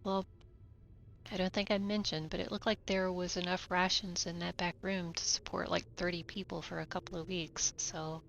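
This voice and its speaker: Gravelly-voiced woman player. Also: on the low side, level tone, moderate pace, fairly bright tone, muffled recording. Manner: casual, plain-spoken. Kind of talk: playing a tabletop game.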